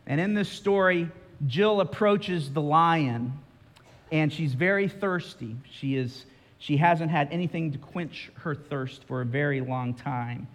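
A man's voice: fairly high pitch, unhurried. A male pastor preaching a sermon, telling a story with drama and speaking directly to his listeners. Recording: reverberant hall.

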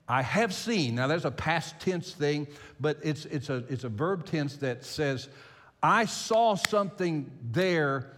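Older pastor preaching, lively pitch, hall reverb. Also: male voice. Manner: animated storyteller, repeats phrases for emphasis. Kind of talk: sermon with personal anecdote.

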